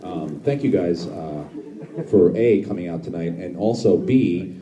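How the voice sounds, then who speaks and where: A man's voice: low-pitched, measured pace, dull audio, background noise. A man in his thirties doing live stand-up comedy in a club, brash and profane, bantering with the crowd. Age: 30s. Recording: echoey club, distant mic, crowd. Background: audience laughter.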